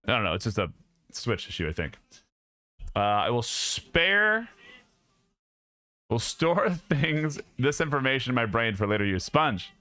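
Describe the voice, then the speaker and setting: Young man, streamer, casual joking chat, bright tone, dry close sound. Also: mid-range voice, sing-song, unhurried, pauses often, no room sound. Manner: joking, laughs a lot.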